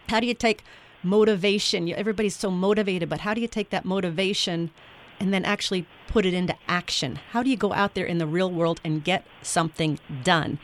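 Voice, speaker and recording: A woman hosting an interview, enthusiastic and repeating her phrases as she asks quick follow-up questions. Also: medium pitch. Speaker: podcast host.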